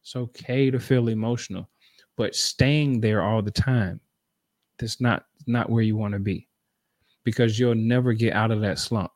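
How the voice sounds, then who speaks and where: A man's voice: on the low side, fairly even intonation, normal speed, a little mellow, dry recording, studio quality. A man, earnestly telling a personal story in a conversational, repetitive way to make a motivational point.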